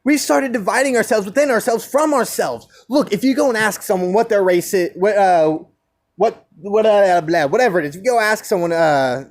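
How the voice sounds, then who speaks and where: A man's voice: sits high, normal speed. A young man ranting alone about division and free speech, impassioned, firing rhetorical questions and restarting his phrases. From United States. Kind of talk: solo rant.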